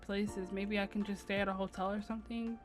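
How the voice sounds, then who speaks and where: A woman's voice: mid-range voice, level tone, fairly quick, over music, close to an everyday voice. A woman voicing an anxious, rambling teen girl. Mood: upset. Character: distressed pregnant teen girl, kicked out.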